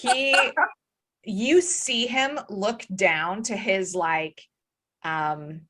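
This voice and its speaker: A woman narrating a tabletop game as game master, telling the story in an animated way with fillers. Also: mid-range voice, extremely slow.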